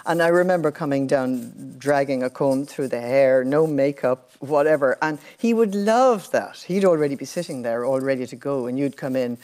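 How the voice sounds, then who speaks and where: Woman, Irish accent, older, very low pitch, relaxed anecdotal interview guest. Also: moderate pace, hardly any pauses. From Ireland. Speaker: interview guest, former TV journalist. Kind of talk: casual storytelling.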